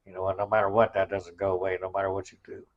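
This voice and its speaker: A man's voice: sits low, little pitch movement, rapid-fire, highs cut off. A man hosting a podcast, casually recapping in a rambling way with many fillers. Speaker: podcast host.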